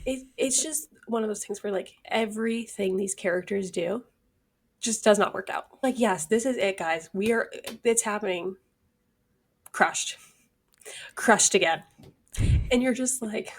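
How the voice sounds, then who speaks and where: A woman co-hosting a podcast in casual chat, animated and dramatic, acting out her own reactions. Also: mid-range voice, a little slow. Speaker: podcast co-host.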